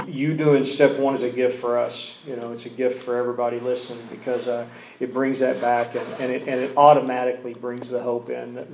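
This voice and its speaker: A man talks through his own recovery story in a loose, rambling way, circling back and restarting his sentences. His voice sits at an ordinary middle pitch. The recording has a noticeably roomy sound with a faint hum of background noise. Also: darkish tone. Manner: rambling, with many restarts and asides. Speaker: recovery speaker.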